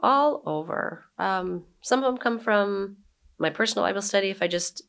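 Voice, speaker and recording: This interview guest, a woman in her forties who runs a brewery and writes a blog, has a creaky mid-range voice and a moderate pace. She chats in a relaxed way, then reads her own blog aloud with emphatic quoted lines.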